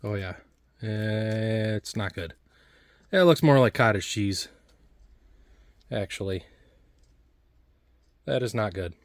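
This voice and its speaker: A man's voice: on the low side, animated, no echo. A man casually talking through a taste test of old food, rambling and restarting his sentences a lot. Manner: rambling, halting, full of restarts and fillers. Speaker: food reviewer.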